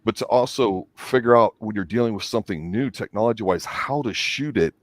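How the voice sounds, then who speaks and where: A man's voice: on the low side, brisk. A man co-hosting a movie review show, laying out his opinions at length in an emphatic, casual way.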